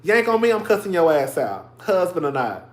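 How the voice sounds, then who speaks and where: A man hosts a casual livestream, his delivery sassy and animated. He cusses freely and breaks into laughter often. His voice carries a roomy echo. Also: high-pitched, normal speed. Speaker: livestream host.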